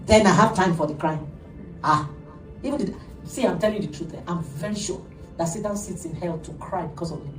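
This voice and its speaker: A middle-aged woman pastor preaching an animated sermon, laughing often as she tells stories. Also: lowish voice, brisk, music in the background. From Nigeria. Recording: echoey room, heard from a distance.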